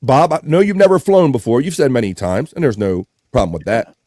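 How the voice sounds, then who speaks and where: A man's voice: medium pitch, fairly quick, no echo. Guy hosting a live show, bouncy voice all over the place, dead dry sound, cracking jokes at the chat. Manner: animated and jokey, laughs often. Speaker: livestream show host. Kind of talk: casual chat, reading viewer comments aloud.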